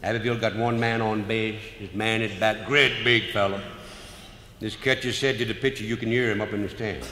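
Fairly low in pitch, his tone steady yet sharp, the man delivers comic stories briskly in a folksy Cajun drawl. The live hall recording is roomy, with faint noise underneath.

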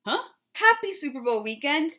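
A young woman with a high, bright voice hosts a comedic explainer vlog. She jokes her way through the facts and breaks into sung bits and shouted lines. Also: very animated, moderate pace. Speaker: vlogger.

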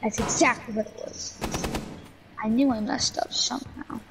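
A woman gaming YouTuber in casual gameplay banter, jokey, excitable and rambling. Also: fairly high pitch, normal speed, vocal fry, noisy background.

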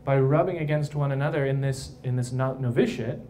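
A man voicing an elderly, stern nun superior, with a put-on Indian or Albanian accent and slow, emphatic delivery. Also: medium pitch, fairly even intonation, mellow, slight background noise, natural voice. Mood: solemn.

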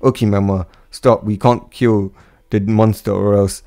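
A man's voice: fairly low pitch, fairly even intonation, a little slow, mellow, no room sound. A man voicing a cold, scheming father who gives stern orders for a fan storybook reading.

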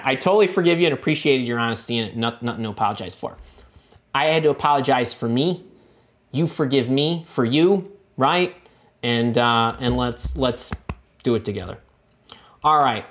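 A middle-aged man coaches viewers on a live stream, replying to their comments. He is lively and emphatic, repeats words and restarts sentences, and his voice sits at an ordinary pitch for a man. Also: moderate pace. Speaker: career coach hosting a live show.

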